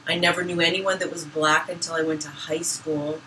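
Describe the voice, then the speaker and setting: A woman from Boston telling personal stories in casual conversation, getting lively when she quotes people. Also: sits low, brisk. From Boston, Massachusetts. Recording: roomy, from some distance, clear background noise.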